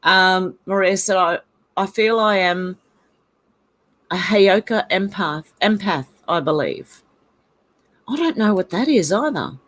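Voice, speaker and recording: This host, from Ireland but raised in Australia and carrying an Australian accent, chats casually and laughs a lot as she reads viewer comments during a livestream. Her mid-range, slightly bright voice has lively intonation, a slow pace and frequent pauses.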